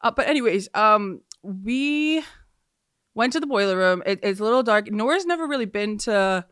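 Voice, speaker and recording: A woman's voice: mid-range voice, expressive, normal speed, fairly bright tone, clear, resonant tone, no echo. A woman hosting a casual podcast, rambling through stories with fillers and frequent laughs, recorded on a close studio mic. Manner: rambling storyteller, laughs often, many fillers. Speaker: podcast host. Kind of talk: casual solo podcast chat.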